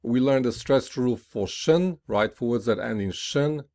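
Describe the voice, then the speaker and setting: A man teaching an English pronunciation lesson, explaining each rule slowly and deliberately, often checking in with "right?" and saying word pairs aloud with clear, emphatic stress. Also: mid-range voice, darkish tone.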